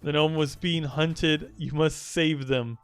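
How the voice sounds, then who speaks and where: A man's voice: on the high side, steady tone, slow, clean tone, faint music behind. A young man streaming live, chatting casually, teasing and swearing as he rambles.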